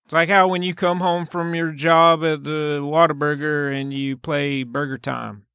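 Deadpan goofy man, higher and dry. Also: measured pace, clean tone, no room sound. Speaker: podcast co-host. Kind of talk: casual movie-review chat.

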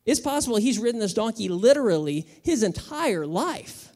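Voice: medium pitch, sing-song, normal speed, darkish tone. A pastor preaching a sermon, conversational and humorous with emphatic moments.

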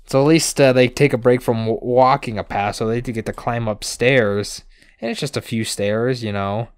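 A man's voice: medium pitch, clean tone, dry recording. Sarcastic man recapping a cartoon, dry sound. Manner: sarcastic, swears casually, acts out characters in quick asides. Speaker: podcast co-host recapping episodes. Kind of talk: casual comedic recap chat.

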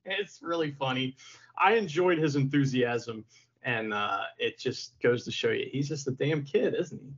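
A man's voice: mid-range voice, lively intonation, normal speed, husky, muffled recording. A man co-hosting a podcast in casual chat, who laughs a lot and acts out quotes in silly voices. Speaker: podcast co-host.

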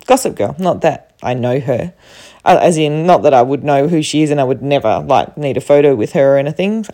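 Chatty Australian woman, lively pitch. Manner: chatty and rambling, many fillers and restarts. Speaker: travel vlogger. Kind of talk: casual storytelling to camera.

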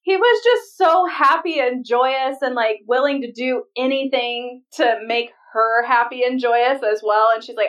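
A young woman co-hosts a casual podcast in a fairly high voice, heard a little distant from the microphone. She giggles often and explains behind-the-scenes details, and she slips into quoted lines as she goes. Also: unhurried, hardly any pauses, a bit bright, dull audio. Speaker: podcast co-host. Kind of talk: casual chat.

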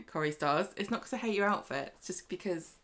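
A woman co-hosting a podcast, chatting and teasing in quick banter. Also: medium pitch, expressive, a bit bright. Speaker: podcast co-host. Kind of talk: casual chat.

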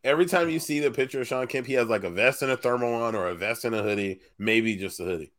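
A man's voice: medium pitch, fast talker, fairly bright tone. Laughing man telling a story. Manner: laughs often while telling stories. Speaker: podcast co-host. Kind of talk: casual chat.

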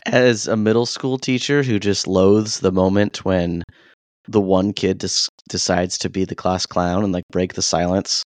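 A man's voice: low voice, fairly even intonation, unhurried, dry recording. Man, dry close-mic, mock-indignant. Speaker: podcast guest, middle school teacher. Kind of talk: casual chat.

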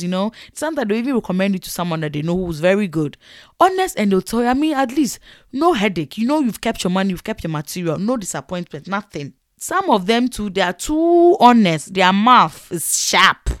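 A woman's voice: medium pitch, fairly quick, no echo, studio quality. A young woman with a Nigerian accent telling a story in a casual vlog and acting out the dialogue with lots of animation. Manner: animated, acts out quoted dialogue. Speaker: vlogger.

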